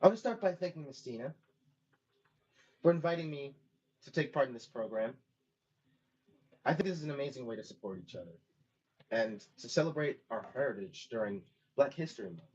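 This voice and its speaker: A teenage high school senior giving a polite, formal prepared speech at an event. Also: male voice, lively intonation, a little fast, pauses often, a little mellow, slightly rough. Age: teens. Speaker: student speaker. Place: bookstore event space. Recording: dull lo-fi sound.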